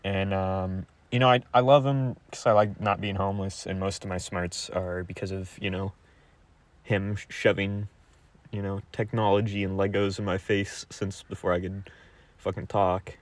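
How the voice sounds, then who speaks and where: A young man talking to his viewers in a crude, rambling monologue, halting with many fillers. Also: low-pitched, level tone.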